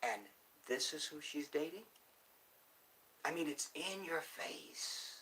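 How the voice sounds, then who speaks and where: A man's voice: fairly high pitch, takes it slowly, bright, forceful tone, poor audio. A man speaking casually and emphatically to his viewers, repeating his points for stress. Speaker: commentator. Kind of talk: casual monologue.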